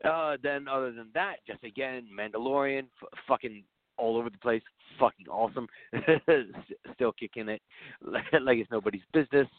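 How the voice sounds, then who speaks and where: A man's voice: mid-range voice, normal speed, no echo. A man co-hosting an online talk show in a put-on English accent, laughing often and swearing. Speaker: podcast co-host. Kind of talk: casual chat. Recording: dry, tinny phone-like line.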